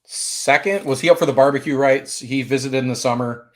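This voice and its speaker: Man, podcast co-host, measured delivery, frequent fillers, mid-pitched voice. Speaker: recruiting analyst co-host. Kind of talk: casual sports podcast chat.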